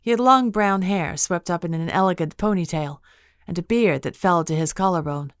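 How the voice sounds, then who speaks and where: A woman narrating a fantasy audiobook in the first person, in a steady, measured storytelling manner from a studio booth. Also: on the low side, dry recording.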